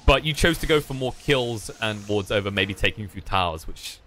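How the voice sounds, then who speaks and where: A man with a British accent doing excitable play-by-play commentary on an esports match. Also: brisk, a little hiss or hum. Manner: excitable, climbs high during fights. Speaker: esports caster.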